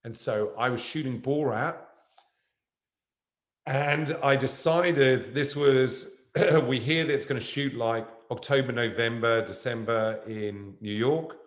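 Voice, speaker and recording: A man's voice: mid-range voice, slow pace, reverberant. A man, an actor as guest, telling a rambling anecdote on stage that jumps around. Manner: animated, jumps around in the story. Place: university event room.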